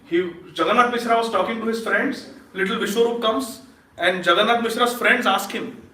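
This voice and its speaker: A man giving a lively storytelling sermon at a temple feast, laughing often and quizzing his audience. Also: sits high, fairly quick. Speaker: speaker at a temple Sunday feast. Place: temple hall. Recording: echoey hall, distant mic.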